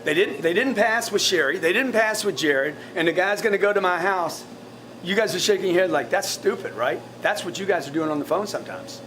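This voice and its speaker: Guy w a higher voice chewing out his sales team, blunt n sweary, keeps restarting words. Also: brisk, a bit bright, slight background noise. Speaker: sales team leader coaching his staff. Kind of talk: blunt motivational coaching talk to a team. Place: in front of a live group of staff.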